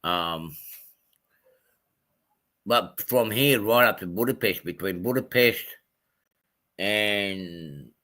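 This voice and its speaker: A man's voice: on the low side, slow pace, pauses often, pushed and bright. A man from Australia chatting casually on a livestream, rambling with many ums and self-corrections. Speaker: livestream host.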